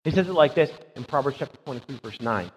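Husky-voiced man preaching in a hall. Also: mid-range voice, expressive, fast. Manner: emphatic, asks rhetorical "right?". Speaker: pastor. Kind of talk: conversational sermon. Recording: dull sound with long hall reverb.

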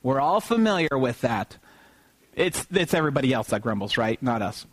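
A man preaching an Easter sermon, often asking the congregation questions and pausing for them to call back the answer. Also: mid-range voice, big pitch swings. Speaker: pastor.

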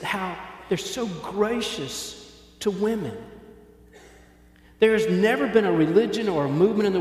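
A man's voice: on the high side, darkish tone. A man preaching a sermon in a casual, joking way, acting out little voices as he retells the story. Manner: conversational and joking, acts out voices. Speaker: pastor. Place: church hall with congregation. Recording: echoey hall.

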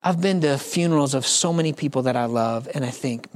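A pastor with a mid-range voice preaches fairly quickly with few pauses, speaking directly to the congregation in a conversational, joking way. He acts out the voices of the people he quotes.

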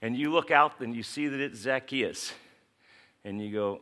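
A man preaching from the pulpit with a bright, forward voice. He tells a Bible story with lively storytelling and slips into the voices of its characters. His talk is casual and direct, a pastor speaking to his congregation. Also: medium pitch, normal speed. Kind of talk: sermon.

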